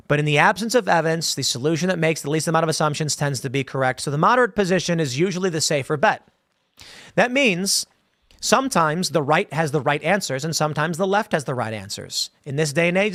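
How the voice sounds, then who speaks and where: A man hosts a casual commentary show, answering viewer questions in a rambling, conversational manner full of restarts and acted-out quotes. His voice is slightly high and a bit bright, recorded dry with studio quality.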